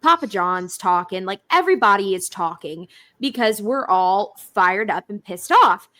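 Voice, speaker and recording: A young woman, co-hosting a podcast and telling stories in a blunt, animated way. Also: medium pitch, a little slow. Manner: animated storytelling, swearing, blunt. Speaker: podcast co-host. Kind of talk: casual chat.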